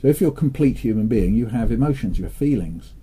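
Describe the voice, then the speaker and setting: An older man from England, talking in a relaxed interview with a dry, playful manner and telling jokes with lively delivery. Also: mid-range voice, fast, husky. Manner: dry, playful, animated when storytelling. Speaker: interviewee, children's author.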